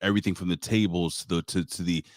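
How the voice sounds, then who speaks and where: A man's voice: low-pitched, steady tone, fast talker, dry recording, studio quality. A man co-hosting a wrestling review, talking enthusiastically, swearing freely and groping for words. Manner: enthusiastic, profane, gropes for words. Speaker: co-host. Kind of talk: casual wrestling review chat.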